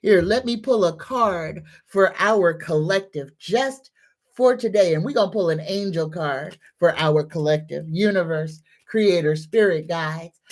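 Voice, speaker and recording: A woman hosting a psychic livestream, greeting viewers, reading comments and leading affirmations. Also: lowish voice. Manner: greets viewers warmly, leads slow repeated affirmations.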